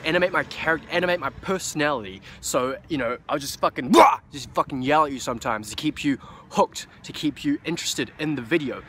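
A young vlogger with a New Zealand accent speaks casually to camera, loose and profane, rambling with lots of fillers. His voice is a little high and sharp in tone.

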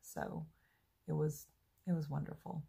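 Gravelly low-voiced woman chatting slowly. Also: steady tone, warm tone. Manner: chatty, upbeat, self-deprecating. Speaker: vlogger. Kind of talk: casual diary vlog.

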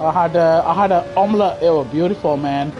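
A woman doing live racing gameplay commentary, excitable and trash-talking other drivers, bursting into shouts. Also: deep voice, fast, dull audio, music in the background. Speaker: gaming streamer.

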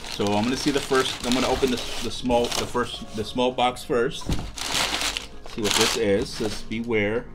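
Gushing, excitable young man unboxing gifts. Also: medium pitch, normal speed, very noisy. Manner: excitable, gushing, lots of ums and restarts. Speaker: vlogger. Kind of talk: casual unboxing vlog.

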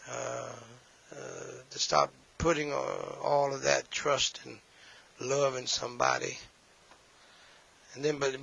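A man's voice: mid-range voice, gravelly, a bit bright, highs cut off. A man preaching a sermon, emphatic and repetitive, with folksy asides.

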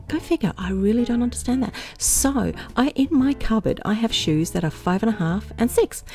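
A woman's voice: a little high, lively intonation, brisk, vocal fry, hardly any pauses, mellow, soft background music. A middle-aged woman vlogger chatting casually in a rambling, playful way and laughing often at her own jokes.

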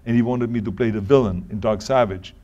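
A man's voice: fairly low pitch, steady tone, fast talker, warm tone, highs cut off. German-accented guy in an interview, words tumbling out, lots of restarts. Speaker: interview guest. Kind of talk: anecdotal interview answers.

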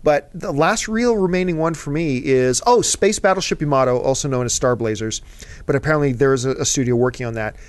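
A man with a medium-pitched voice speaks briskly, with no room sound. He hosts a casual movie chat, working through viewer mail. Like an eager fan, he rambles and drifts into asides.

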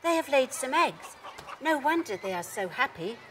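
A woman voicing a friendly, excited young boy. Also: sits high, normal speed, slight background noise, pitched above the performer's own voice.

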